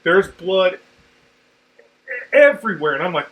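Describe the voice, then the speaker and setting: Man, casual host, bright and forceful tone, swears a lot, animated storyteller. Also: high-pitched, slow pace, pauses often. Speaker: podcast host, Marine veteran.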